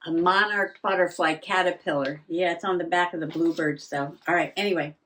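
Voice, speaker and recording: A woman's voice: lowish voice, steady tone, fairly quick, fairly bright tone. An older woman vlogging in a rambling, self-mocking way, laughing often and a little out of breath. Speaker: journaling vlogger. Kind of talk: casual chat.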